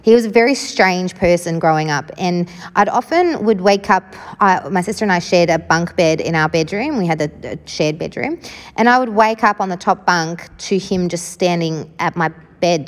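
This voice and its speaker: A woman's voice: on the low side, normal speed, big-room sound. A woman telling her own life story in a frank, casual way, swearing freely and often saying "like". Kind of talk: candid personal storytelling.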